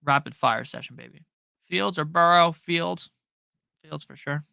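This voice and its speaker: A young man hosting a live fantasy football stream, firing off quick, profane answers to viewer questions from his home setup. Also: a little high, creaky, pushed and bright, smooth, no echo. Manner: fast, profane, joking, reads viewer questions aloud. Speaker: fantasy football livestream host. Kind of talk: rapid-fire live Q&A.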